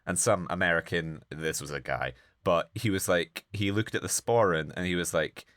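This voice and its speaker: A man co-hosting a comedic bad-movie podcast, talking casually and sarcastically, with sudden jumps into high mocking voices. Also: moderate pace, a bit bright, no room sound, clean studio sound. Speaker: podcast co-host. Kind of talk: casual comedic film chat.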